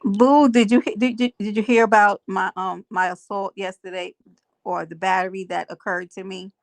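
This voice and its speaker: A woman's voice: medium pitch, steady tone, normal speed, no echo. A woman hosting a live stream, chatting to her viewers, greeting commenters and telling stories. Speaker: livestream host. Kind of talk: casual gossip chat to viewers. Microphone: earphones with mic on a live stream.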